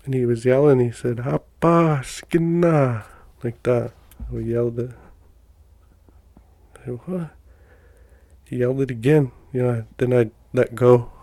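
A middle-aged man tells his own stories in a loose, folksy ramble, full of fillers and restarts. His voice sits mid-range and sounds relaxed and mellow. The recording is dry and close. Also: medium pitch, normal speed, long pauses, no echo. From Montana. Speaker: podcast guest telling personal stories. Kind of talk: casual storytelling.

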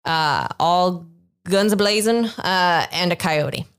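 A woman narrates a tabletop game as game master. She speaks slowly and a bit low, with a relaxed, halting delivery full of small fillers. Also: smooth.

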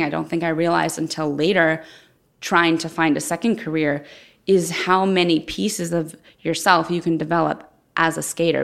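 A woman's voice: fairly low pitch, vocal fry. A woman interviewed as a guest, telling her story candidly and thoughtfully in conversation. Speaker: guest, former Olympic figure skater.

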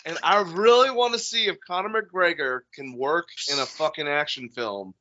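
A man's voice: a little high, normal speed, bright, forceful tone, dry recording, highs cut off. A man co-hosting a podcast in casual, profane, jokey chat, slipping into goofy impressions. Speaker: podcast co-host.

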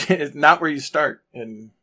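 A man's voice: fairly high pitch, slow, sharp tone. A man co-hosting a podcast, setting up a clip in an easygoing way with ums and uhs. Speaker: podcast co-host. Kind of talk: casual chat.

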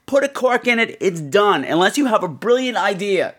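Brief: ranting film-review podcast host, animated, swings wildly in pitch, profane and blunt. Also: normal speed, hardly any pauses. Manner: animated, acts out scenes with exaggerated voices.

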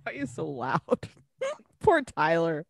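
A woman co-hosting a casual chat, telling stories with lively swings in her pitch and a freely profane, animated delivery. Her voice sits close and dry, with no room sound around it. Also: takes it slowly, creaky, no room sound. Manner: animated storyteller, swears freely. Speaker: podcast co-host.

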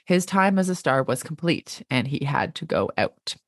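Gentle wise old star voice, read aloud by a woman, solemn storybook reading, low and quiet. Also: big pitch swings, normal speed, no room sound, clean studio sound, full character voice.

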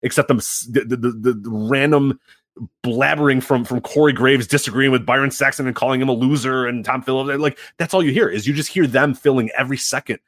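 A man co-hosting a podcast in casual chat, telling rambling, animated stories full of fillers. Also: medium pitch, brisk, no echo, studio quality. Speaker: podcast co-host.

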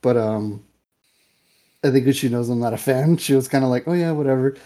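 Young male podcast co-host, relaxed dark tone, loose and filler-heavy. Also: mid-range voice, brisk. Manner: rambling, filler-heavy, animated retelling. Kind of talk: casual movie review chat.

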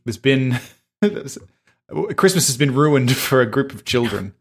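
A man co-hosting a podcast in casual chat, rambling and quick to laugh. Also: medium pitch, lively intonation, breathy edge. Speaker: podcast co-host.

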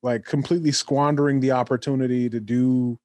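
A man's voice: medium pitch, steady tone, brisk, darkish tone, dry recording. A man hosting a podcast, rambling with many fillers and swearing casually. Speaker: podcast host.

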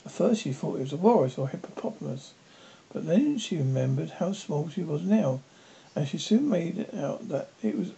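Halting gravelly storybook reader. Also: mid-range voice, animated, mellow. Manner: halting, many slips and restarts. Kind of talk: storybook read-aloud. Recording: dull lo-fi with faint noise.

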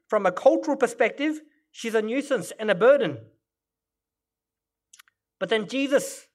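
A male pastor delivering a sermon, explaining scripture and Greek word meanings in a teaching manner. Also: very high voice.

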